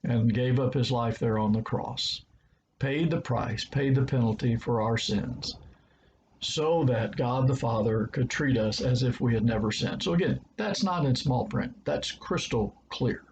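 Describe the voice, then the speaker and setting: A man's voice: medium pitch, measured pace, darkish tone, slight background noise, rough recording. A man preacher with a Southern American accent giving a short devotional talk, earnest and stressing words by repeating them.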